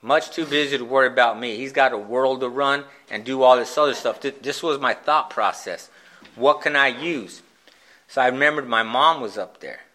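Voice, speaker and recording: A man telling his own recovery story in a candid, self-mocking way, with halting restarts. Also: mid-range voice, bright, forceful tone. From Phoenix, Arizona, USA. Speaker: speaker sharing a recovery story. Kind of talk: personal storytelling talk at a recovery meeting.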